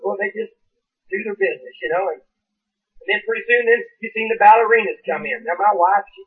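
Casting preacher, male, high voice, folksy rambling sermon, husky, distant phone-like recording. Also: brisk. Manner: folksy, rambling storytelling with many restarts. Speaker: pastor. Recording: far from mic, phone-like band.

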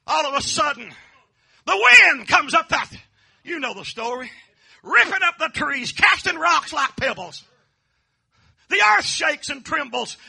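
A man preaching a fervent holiness sermon in folksy dialect, swinging from hushed asides to shouts. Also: very high-pitched, vocal fry.

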